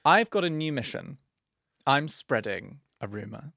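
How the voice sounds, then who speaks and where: A man's voice: mid-range voice, very animated, unhurried, creaky, sharp tone, no room sound. A man co-hosting a comedy podcast, chatting casually and teasing in a playful, mischievous way on a close mic. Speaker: podcast co-host.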